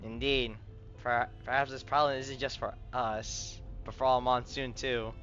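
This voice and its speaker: A composed older-sister soldier, read by a man, speaks in a level, reasoning and apologetic way. The voice is bright, and the lo-fi recording carries a faint bed of music. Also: mid-range voice, level tone, measured pace, close to an everyday voice. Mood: thoughtful. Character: calm, measured older-sister woman soldier.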